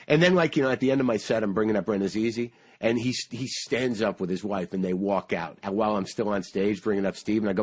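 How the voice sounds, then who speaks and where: A man hosting a casual talk, telling a story with quick restarts and frequent swearing. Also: on the low side, a little mellow. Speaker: podcast host.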